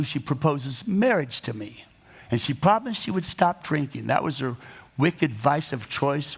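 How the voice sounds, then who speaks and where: Gravelly guy telling his life story, dramatic and kinda self-mocking. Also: medium pitch. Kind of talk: storytelling monologue.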